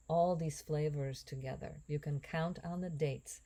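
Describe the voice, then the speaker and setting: A woman chatting casually as she cooks, rambling and musing aloud, with drifting asides and breathy whispered jokes. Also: sits low, steady tone, unhurried, few pauses, warm tone, a little hiss or hum. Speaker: home cook and actress. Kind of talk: casual cooking vlog chat.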